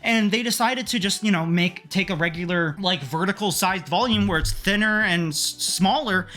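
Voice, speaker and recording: An excitable man chats through a casual haul vlog in a bright, forward voice. He swears freely and works himself up into heated rants. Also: high-pitched, moderate pace, faint music behind. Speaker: manga collector vlogger.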